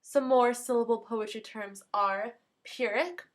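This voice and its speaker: A woman's voice: on the high side, measured pace. Young woman explaining poetry terms. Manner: clear, list-like explaining with examples. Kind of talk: educational explainer.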